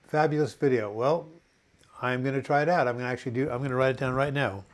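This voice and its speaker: A man talks loosely through a live chat with viewers, reading their comments aloud and answering in an earnest, encouraging way. His speech wanders and restarts often, full of fillers. His voice sits at an everyday pitch. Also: steady tone, quick pace. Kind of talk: casual unscripted live chat.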